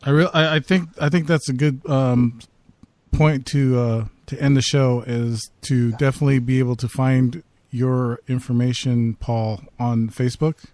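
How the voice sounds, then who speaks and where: An easygoing male radio host speaks with a medium pitch. He is heard in a dry, close sound with no room around him. He pauses and restarts as he talks. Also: fairly even intonation, darkish tone, no room sound. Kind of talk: casual radio interview.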